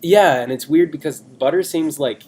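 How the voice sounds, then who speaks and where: A man's voice: on the high side, normal speed, a little mellow. A young man in his twenties, a podcast co-host, chatting in a rambling, self-deprecating way on a video call. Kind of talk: casual chat.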